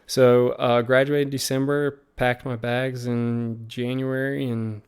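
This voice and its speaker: A man from Virginia with a Southern American accent tells stories as a podcast guest, speaking slowly at a medium pitch with a level, clean tone. His casual conversational storytelling rambles and is full of fillers and quoted asides.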